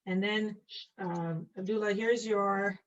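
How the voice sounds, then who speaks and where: Speaking slowly in a steady, medium-pitched voice, this woman teaches an online nursing class as she draws. She calls on students by name with quiz questions and jokes at the expense of her own drawing. The recording sounds far off, dull and lo-fi.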